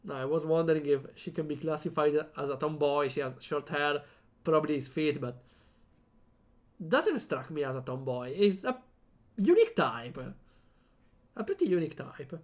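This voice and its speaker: A man's voice: a little high, lively intonation, normal speed, long pauses. Giggly man reading a visual novel. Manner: giggly, chatty asides. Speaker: streamer. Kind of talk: visual novel read-aloud.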